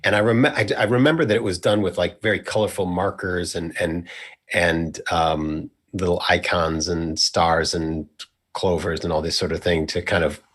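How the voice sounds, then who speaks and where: A young man hosting a relaxed talk show. His voice sits low with a husky edge. He rambles and circles back on his sentences, with playful asides. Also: normal speed. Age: young adult. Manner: rambling, self-correcting, playful. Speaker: host. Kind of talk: casual conversation.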